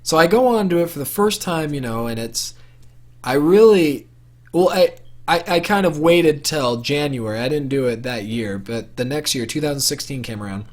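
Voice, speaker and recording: A man's voice: fairly high pitch, animated, moderate pace. A young man telling a personal story to camera for his vlog in a casual, rambling way, full of fillers and restarts. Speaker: vlogger.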